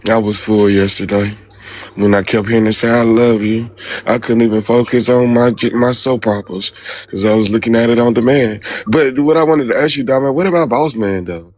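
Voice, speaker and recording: A man's voice: medium pitch, steady tone, brisk, a little mellow. A man in a casual live audio chat, pressing the host with indignant questions.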